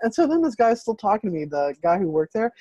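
A woman's voice: medium pitch, quick pace, dry recording, lo-fi sound. A woman hosting a group video call, telling a story in a rambling, casual way full of fillers. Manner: rambling, filler-heavy, animated retelling.

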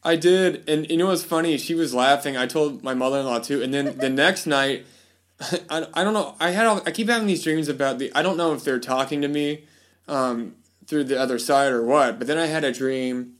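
In a relaxed podcast chat, the male host wanders from point to point, using many fillers and restarting sentences, and mimics voices whenever he quotes someone. His tone is fairly bright, sitting on the high side, and he speaks a little fast.

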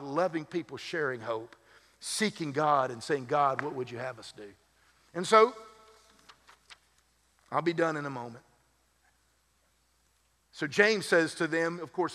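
A man's voice: on the high side, a bit bright. A man serving as lead pastor, preaching a sermon in a conversational way with humorous asides. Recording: long hall reverb.

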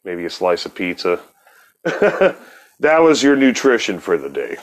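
A man's voice: lowish voice, very animated, measured pace. A man telling a long, rambling personal story in casual, profane talk, laughing now and then.

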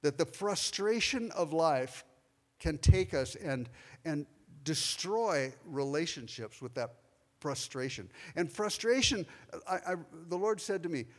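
High-voiced pastor preaching in a reverberant church. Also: male voice, animated, a little slow, a bit bright. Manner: personal, confessional storytelling with asides to listeners. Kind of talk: sermon. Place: church sanctuary. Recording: long hall reverb in a church.

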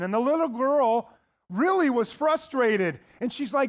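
Very high-voiced male pastor, conversational. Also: expressive, unhurried. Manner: conversational, folksy, with playful asides. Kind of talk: sermon.

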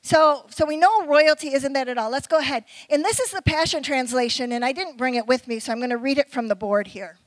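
A middle-aged woman preaching a sermon in a conversational way, with quick asides and questions to the audience. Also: high voice, no room sound, low-quality recording.

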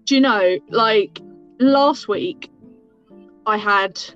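A woman hosting a podcast, chatting casually in a giggly, excitable fan way. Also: medium pitch, extremely slow, muffled recording, soft background music. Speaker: podcast host. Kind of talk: casual chat.

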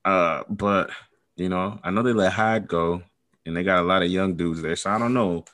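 Low-voiced easygoing man. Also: moderate pace, a bit bright. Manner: easygoing, hesitant, many fillers. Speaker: podcast co-host. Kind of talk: casual fantasy football chat.

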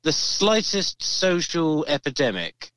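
A man's voice: fairly high pitch, sing-song, takes it slowly, fairly bright tone, dry recording. Man, podcast co-host, wry, sarcastic rants, dry close recording. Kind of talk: casual comedic chat.

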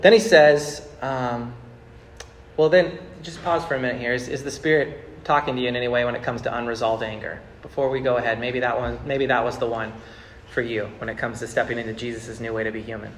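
A man's voice: mid-range voice, steady tone, fairly quick, roomy sound, a little hiss or hum. A man in his thirties preaching a sermon to a congregation, talking casually, repeating words and building to emphatic bursts. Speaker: pastor. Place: church sanctuary with congregation.

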